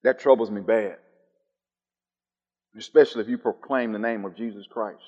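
A man preaching a sermon. He swings between soft, low musing and loud, high calls, and he repeats his phrases in a steady rhythm. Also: moderate pace, husky, long reverb tail, dull audio.

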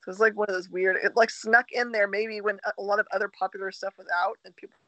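A woman's voice: medium pitch, fairly even intonation, fast, sharp tone, no room sound, poor audio. A woman co-hosting a podcast, chatting casually and earnestly about what moves her. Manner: earnest, reflective, talks through her feelings. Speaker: podcast co-host. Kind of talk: casual chat.

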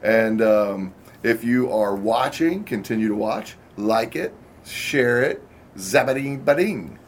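A man's voice: on the low side, takes it slowly, a little hiss or hum. A middle-aged man co-hosting a sports talk show, telling rambling stories in casual chat with many fillers and restarts.

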